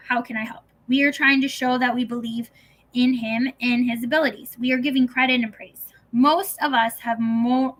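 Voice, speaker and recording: Woman reading an audiobook, brightish slightly high voice, calm steady delivery. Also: low-quality recording. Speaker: audiobook narrator. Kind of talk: scripted audiobook narration.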